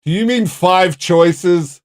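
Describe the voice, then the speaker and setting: A man's voice: high-pitched, slow pace, no room sound, studio quality. A man hosting a livestream, chatting casually with viewers in an exasperated, incredulous, mock-outraged way. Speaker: livestream host.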